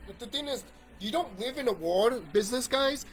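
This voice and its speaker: A man's voice: extremely high pitch, expressive, moderate pace. A man in a casual ranting monologue about video games, swearing and rambling with restarts. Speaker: YouTube commentator.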